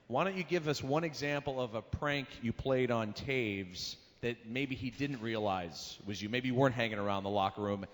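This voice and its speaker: A man's voice: medium pitch, moderate pace, hardly any pauses. A man moderating a fan panel, asking the panelists questions in a playful, teasing way. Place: stage in a large convention hall. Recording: reverberant convention hall.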